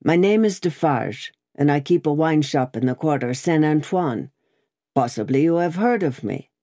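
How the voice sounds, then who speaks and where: A woman reading an audiobook, voicing a grim, terse male wine-shop keeper who speaks low and short. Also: lively intonation, moderate pace, dark tone, dry recording, clean studio sound.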